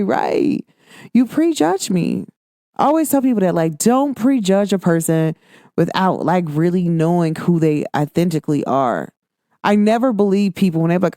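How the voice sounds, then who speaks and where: A woman hosts a casual talk show and talks in a lively, emphatic way. She slips into a higher voice when she acts out what people said to her. The sound is dry and close, with no room echo. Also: moderate pace. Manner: animated, emphatic, acts out quoted exchanges in a higher voice. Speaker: podcast host. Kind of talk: casual monologue.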